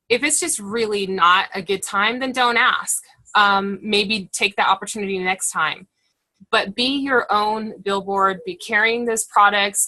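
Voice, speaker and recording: Bright-voiced woman coaching her sales team. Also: medium pitch, rough recording. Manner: chatty and encouraging, acts out quoted lines. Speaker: direct sales team leader.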